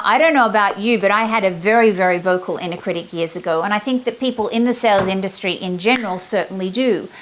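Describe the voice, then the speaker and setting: A middle-aged woman, giving a chatty, upbeat motivational talk as a sales confidence coach. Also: mid-range voice. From Australia. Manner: upbeat, chatty, acts out her examples.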